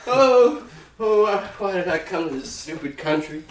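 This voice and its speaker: A man's voice: sits high, lively intonation, normal speed. A man doing a whining stranded basketball star. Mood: whiny. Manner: whining, pleading. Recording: roomy, distant, light noise.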